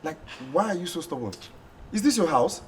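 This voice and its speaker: An actor with a Nigerian accent playing an angry husband who shouts, insults and repeats himself. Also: male voice, fairly high pitch, big pitch swings, a little fast, a little hiss or hum. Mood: scornful. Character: furious shouting husband, scornful and bullying.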